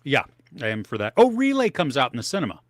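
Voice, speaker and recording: A man with a mid-range voice co-hosts a live movie podcast from his home office setup, rambling in casual stream chat and snacking on air. He talks fast with wildly swooping pitch, and the sound is clean and studio-like with no echo.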